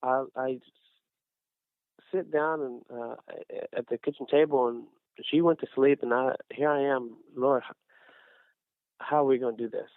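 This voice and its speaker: A man's voice: medium pitch, steady tone, unhurried, pauses often, clean tone, dry recording. A middle-aged man sharing a casual faith testimony, rambling with many restarts and fillers. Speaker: guest, small business owner. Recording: dry, tinny phone-like sound.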